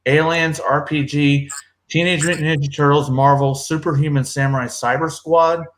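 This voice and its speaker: A man's voice: fairly high pitch, level tone, normal speed, fairly bright tone, echoey room. A man hosting a casual livestream, laid-back and profane, talking up his guests. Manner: laid-back, swears freely, hypes up guests. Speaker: livestream host.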